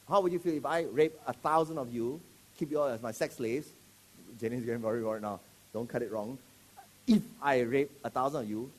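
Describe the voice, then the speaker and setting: A man preaching a sermon, animated and joking, quizzing his congregation with questions. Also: medium pitch.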